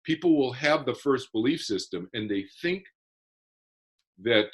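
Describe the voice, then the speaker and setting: A guest in a casual interview speaks with a husky, slightly rough voice at a middle pitch. Animated but a little slow, he explains things earnestly and methodically, stumbling into repeated restarts as he gathers his thoughts.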